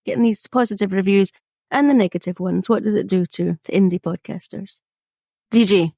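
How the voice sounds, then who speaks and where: A woman's voice: medium pitch, brisk, vocal fry, warm tone, no room sound, studio quality. A woman moderating a podcasters' roundtable discussion in an encouraging way.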